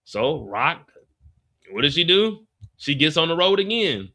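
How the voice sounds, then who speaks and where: A man hosting a casual TV after-show recap, animated and slangy, acting out the scenes. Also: fairly high pitch, measured pace. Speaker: YouTube after-show host.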